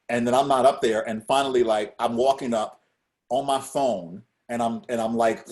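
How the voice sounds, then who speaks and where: A middle-aged man telling stories in a casual interview as a guest speaker. He acts out quotes with lively shifts. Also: medium pitch, normal speed. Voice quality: animated storyteller, acts out quotes.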